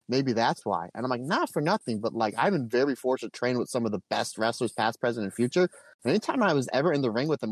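A man co-hosting a podcast, telling stories and ranting about wrestling in an animated, emphatic way. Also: mid-range voice, dry recording. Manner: animated storytelling, emphatic and laughing. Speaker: podcast co-host. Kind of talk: casual podcast review chat.

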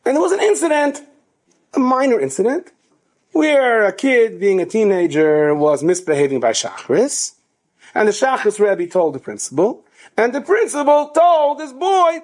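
An animated male rabbi telling an inspirational story with a fairly high voice. His delivery keeps climbing in intensity and pushes hard on key points, near shouting at times. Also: normal speed.

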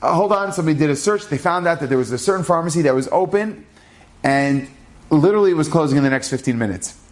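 A man telling a true-life story aloud in a lively storyteller's manner, acting out the characters. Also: on the high side, fast. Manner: animated, acts out the characters' lines. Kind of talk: spoken storytelling.

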